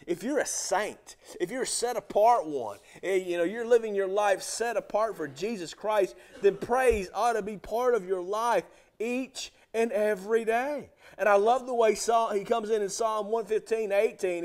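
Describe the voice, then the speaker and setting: A man preaches to his church in a high, lifted voice. He swings from loud, emphatic rises down to soft drops, and keeps asking the congregation direct questions. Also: moderate pace. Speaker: pastor. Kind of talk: sermon.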